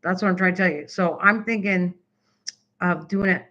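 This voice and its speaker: A woman's voice: on the low side, fairly even intonation, normal speed, sharp tone, highs cut off. An older woman from Canada hosting a casual craft live stream, rambling chattily and answering viewers' typed comments.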